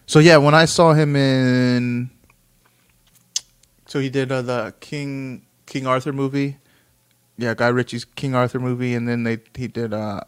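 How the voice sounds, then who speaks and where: A man's voice: medium pitch, smooth. A man in his thirties chatting casually and rambling, swearing often and breaking into laughter.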